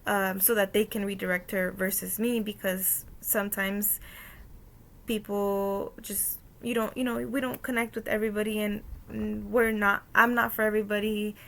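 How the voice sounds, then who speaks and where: A woman's voice: mid-range voice, level tone, normal speed, gravelly. A young woman casually recounting a workplace conflict for a course assignment, with many "um" fillers and quoted dialogue. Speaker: student presenting a course activity. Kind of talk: casual spoken reflection.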